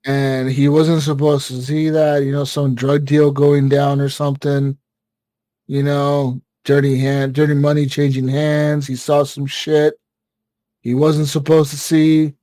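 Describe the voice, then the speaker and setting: A man co-hosting a gaming podcast, telling a story in casual chat, excitable and profane, with lots of fillers and acted-out quotes. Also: fairly high pitch, a little slow, no room sound. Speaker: podcast co-host.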